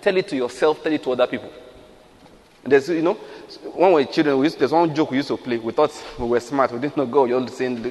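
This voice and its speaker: A man's voice: medium pitch, fast talker, a little mellow. Emphatic male preacher in a reverberant hall. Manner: emphatic preaching with acted-out quotes and rhetorical questions. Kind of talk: sermon.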